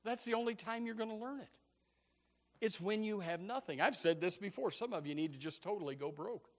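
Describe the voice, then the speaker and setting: A man preaching a sermon in an animated, stammering way, repeating words and acting out Bible characters. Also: sits high, fairly quick. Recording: echoey hall.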